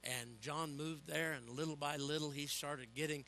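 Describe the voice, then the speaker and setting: An older man preaching a sermon, telling animated personal stories with humor and calling for "Amen?" from the congregation. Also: on the high side, normal speed, a little hiss or hum.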